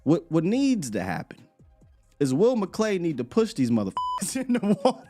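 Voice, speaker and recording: A man hosting a live morning sports show, talking in an animated, rambling way and laughing often. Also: sits high, moderate pace, music in the background. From United States.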